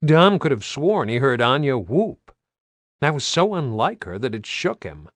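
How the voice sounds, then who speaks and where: Male audiobook narrator, dramatic, lively swinging pitch, dry close-miked sound. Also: unhurried, dry recording. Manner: tense, dramatic, varied delivery.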